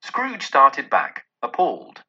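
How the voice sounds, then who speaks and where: A man's voice: medium pitch, slow, breathy edge. A man giving a dramatic, theatrical storybook narration on a dull lo-fi recording. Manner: theatrical, expressive.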